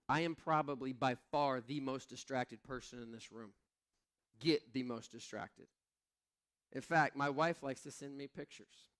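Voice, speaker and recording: A man preaching a sermon at a church service, telling stories with animated, self-mocking humor. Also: medium pitch. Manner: animated, self-deprecating storytelling. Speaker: pastor.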